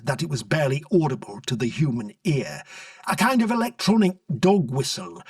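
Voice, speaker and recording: A man narrating a comic story in an expressive storybook reading, recorded dry from a distance. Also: a little high, no echo.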